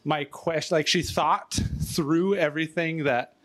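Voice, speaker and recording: A man's voice: fairly high pitch, fairly even intonation, a little slow, a bit bright. A man telling a rambling story in casual chat, out of breath, stumbling over fillers and laughing often. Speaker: storyteller guest.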